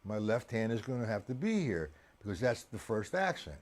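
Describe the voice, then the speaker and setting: A man teaching drums on a live stream, chatty and coaxing, counting beats aloud with loud accents on the downbeats. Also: on the low side, sing-song, moderate pace, hardly any pauses. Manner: chatty, coaxing, addresses viewers directly. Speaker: drum teacher. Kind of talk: live-streamed drum lesson.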